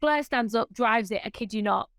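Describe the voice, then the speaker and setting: A woman with a fairly high voice chats as a podcast guest, telling her stories with lots of energy and frequent laughter. The sound is dry and close, with no room around it. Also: moderate pace, no echo. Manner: lively storytelling, laughs often. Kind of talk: casual chat.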